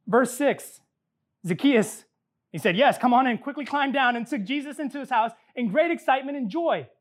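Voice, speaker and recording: Woman pastor, high voice, emphatic sermon delivery built on repetition, quick humorous asides. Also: expressive. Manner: emphatic preaching with repeated phrases and joking asides.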